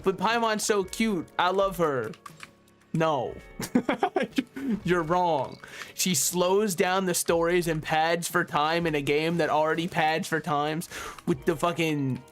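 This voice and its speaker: A young man streaming a game, chatting casually and ranting animatedly with quick asides and frequent laughs. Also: fairly high pitch, a bit bright. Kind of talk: casual gaming stream chat.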